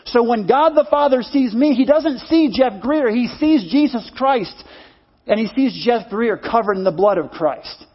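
Man, pastor, high voice, husky, earnest repetitive preaching, dull lo-fi recording. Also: lively intonation, unhurried. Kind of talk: sermon.

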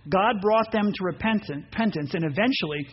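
A man preaching a sermon, animated, acting out voices and reading scripture aloud. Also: high voice, brisk. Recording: dull muffled sound with faint noise.

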